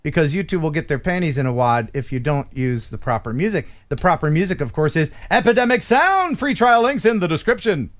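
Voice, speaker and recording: A man's voice: fairly high pitch, lively intonation, brisk, hardly any pauses. A man from the central United States hosting a casual live-stream chat, joking around and laughing often. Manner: jokey, laughs often, ad-libs silly voices.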